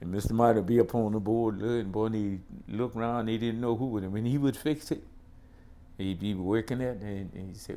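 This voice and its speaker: An older man from the South, recounting school memories as an animated storyteller who keeps saying "boy" and "man". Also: on the low side, brisk. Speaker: interviewee recalling school days. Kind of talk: casual storytelling interview.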